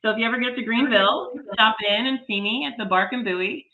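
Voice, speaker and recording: A woman's voice: fairly high pitch, fairly quick, bright, forceful tone, dull audio. A woman in her forties, a podcast guest, telling a story in casual, enthusiastic chat.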